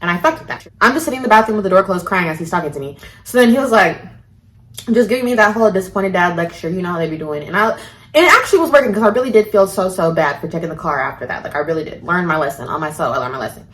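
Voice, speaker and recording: A woman's voice: fairly low pitch, rapid-fire. A woman vlogger telling a story casually, swearing freely and acting out each quote. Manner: animated, profane, acts out every quote. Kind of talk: storytime vlog.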